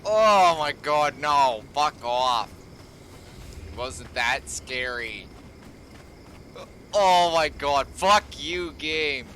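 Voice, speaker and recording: A game streamer doing live gameplay commentary, swearing constantly and swinging between startled outbursts and low grumbling. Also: expressive, very slow, pauses often, fairly bright tone, slight background noise. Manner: profane, jumpy and easily startled, swears constantly.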